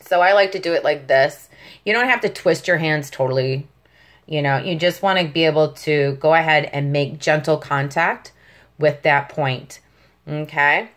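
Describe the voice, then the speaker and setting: A woman's voice: low voice, moderate pace, a bit bright. A middle-aged woman patiently teaching a tapping technique step by step, often checking in with the listener. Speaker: tapping instructor. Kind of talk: step-by-step demonstration lesson.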